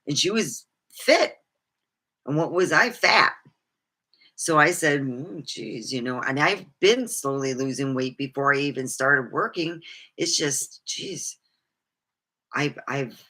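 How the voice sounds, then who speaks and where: Speaking in a low-pitched, sharp-toned voice, a middle-aged woman tells personal stories in a candid vlog. She rambles about her life and swears freely throughout the monologue.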